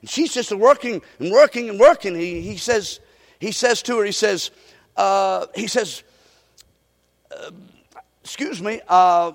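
A man preaching an animated storytelling sermon, often asking the congregation questions. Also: high voice, moderate pace, creaky. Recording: echoey hall recording.

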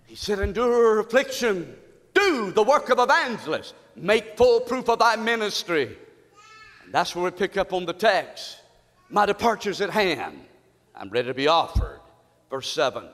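A man preaches a fiery sermon with a high, bright, forceful voice. He pulls the congregation into call-and-response and swings from shouting to low, intense speech. His words ring through a church hall with long reverb. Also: sing-song, normal speed. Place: church sanctuary.

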